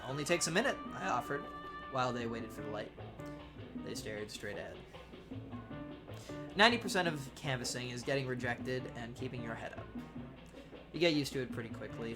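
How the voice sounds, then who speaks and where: A young adult man narrating a personal essay in a measured, wry storytelling manner. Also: medium pitch. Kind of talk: reading a personal essay aloud.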